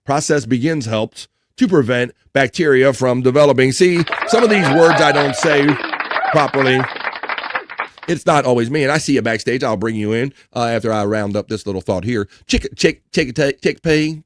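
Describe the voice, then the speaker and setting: A man's voice: medium pitch, moderate pace, noisy background. A man hosting a casual live stream, reading chat and food trivia aloud, joking, laughing and stumbling over words. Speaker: livestream host.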